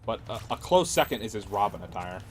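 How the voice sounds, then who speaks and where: A man's voice: lowish voice, sing-song, fast, faint music behind. A man streaming games, chatting casually and ranting sarcastically with plenty of swearing. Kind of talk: casual livestream chat.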